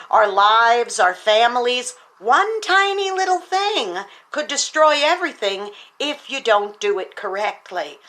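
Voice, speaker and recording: A woman's voice: fairly high pitch, sharp tone. A woman hosting an upbeat devotional talk, chatty and encouraging, with many fillers. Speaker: teacher and speaker hosting a devotional show.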